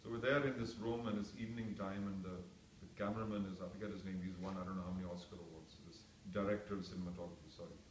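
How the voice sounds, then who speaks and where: A man's voice: low voice, steady tone, racing. A man who is an actor, telling anecdotes to a reunion audience in a chatty, self-mocking way full of asides. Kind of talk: casual anecdotal storytelling. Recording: echoey room, distant mic, faint background noise.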